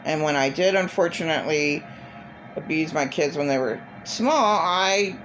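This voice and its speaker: A woman's voice: deep voice, expressive, a little slow, fairly bright tone, a little hiss or hum, low-quality recording. A middle-aged woman vlogging in a blunt, profane, repetitive rant. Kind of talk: casual monologue.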